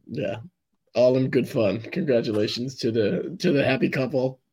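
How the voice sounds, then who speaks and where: A hoarse young man co-hosting a casual sports podcast, rambling and laughing often. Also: mid-range voice, moderate pace, darkish tone. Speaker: podcast co-host.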